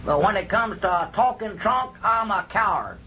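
A timid, easily spooked country storekeeper, whining and protesting. The voice sits high and bright over a faint hiss of old radio. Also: male voice, expressive, normal speed, low-quality recording. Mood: fearful. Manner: whiny, jittery, protesting. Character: timid, excitable older male country storekeeper. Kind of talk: old-time radio comedy acting.

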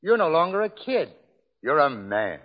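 A middle-aged man hosting a 1930s radio variety show, joking and bantering in a jovial, expressive way. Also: fairly high pitch, moderate pace. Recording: dull old radio recording with long hall reverb.

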